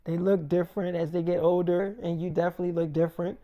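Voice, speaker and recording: A man's voice: high voice, level tone, fast talker, mellow. A man telling a casual, rambling story with lots of "I'm like" and "she's like".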